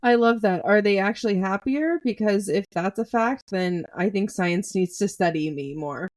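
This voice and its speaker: A young American woman co-hosting a casual book podcast, teasing her co-host playfully. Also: medium pitch. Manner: playful teasing, drawn-out delivery. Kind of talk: casual book-club chat.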